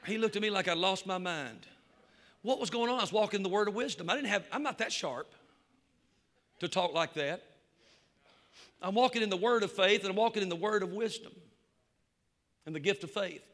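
Excitable preacher, high and ringing voice, echoey church room. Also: male voice, a little fast, long pauses. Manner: excitable, worked up. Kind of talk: sermon with storytelling. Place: church before a congregation.

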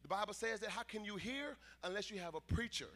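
A man preaching a sermon in church, emphatic and conversational, swinging between loud declarations and quieter asides. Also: sits high, lively intonation, fast talker. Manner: emphatic preaching, rising to shouts, dropping to asides. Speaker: pastor. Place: church sanctuary.

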